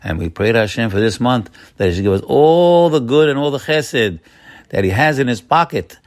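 A man's voice: mid-range voice, expressive, moderate pace, dry recording. A man giving a Torah sermon, reciting Hebrew verses and explaining them with earnest, repetitive phrasing as he builds each point. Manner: earnest, repeats words while building to points; addresses listeners as friends. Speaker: religious teacher.

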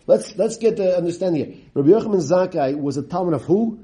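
A man teaching a Talmud lesson, reading the Aramaic and translating it line by line, asking rhetorical questions and swinging his pitch for drama. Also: expressive, quick pace, dark tone.

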